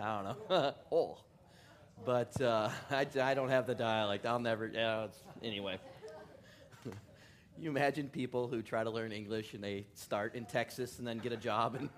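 A male pastor giving a loose, joking sermon in a church, often chuckling, making fun of himself and rambling between asides. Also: mid-range voice. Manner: chuckling, self-deprecating, rambling. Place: church in California.

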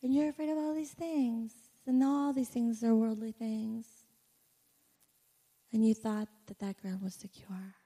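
Woman doing a soft patient god voice, kinda high, gravelly bits, echoey hall. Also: steady tone, measured pace. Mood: soothing. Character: gentle, patient male God comforting.

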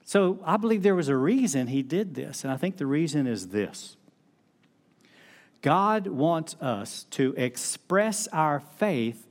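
A middle-aged male pastor, preaching a sermon in a conversational storytelling way. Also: fairly high pitch. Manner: conversational storytelling with laughs and acted-out quotes.

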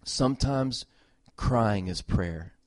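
A middle-aged man preaching a sermon as a pastor, earnest and emphatic, repeating phrases and moving between loud exhortation and soft, tender talk. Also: mid-range voice, animated, slow pace, no room sound.

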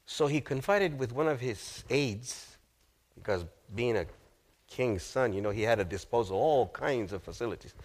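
A male pastor preaching a sermon, retelling a story with drama, asking the audience questions and dropping to a hushed voice at grave moments. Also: mid-range voice, lively intonation, moderate pace. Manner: dramatic, acts out the figures in quoted lines, asks the audience questions.

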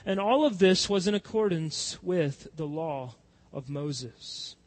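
A man preaching a sermon as pastor, swinging from loud impassioned cries to soft, hushed pleading. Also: on the high side, expressive, takes it slowly.

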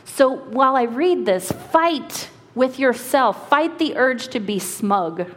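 A woman lead pastor preaching a sermon and reading scripture, earnest and slowing for emphasis, with quick asides. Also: high-pitched, expressive. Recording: long hall reverb.

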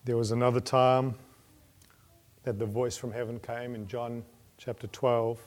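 A man preaching a sermon in an earnest manner, building to emphatic peaks and then dropping his voice low. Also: flat delivery, unhurried.

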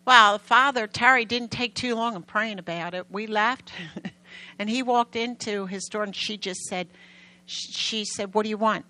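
A woman preacher telling a story to her congregation in an animated, emphatic way, often getting loud. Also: a little high, unhurried, rough recording. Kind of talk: sermon storytelling.

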